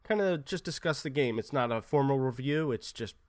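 A man hosting a casual podcast chat from home, relaxed and conversational, hedging his opinions. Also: medium pitch, a little fast, dry recording. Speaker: podcast host.

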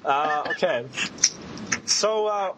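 A man's voice: on the high side, takes it slowly, muffled recording, background noise. A man on a casual podcast telling a work story, hesitating often with fillers. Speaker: podcast co-host, game store worker.

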